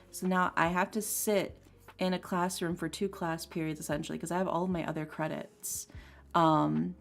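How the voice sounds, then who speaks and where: Low, gravelly young woman rambling. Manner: rambling storyteller, heavy on "like" and "um". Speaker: streaming artist. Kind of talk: casual chat while drawing. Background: soft lo-fi music.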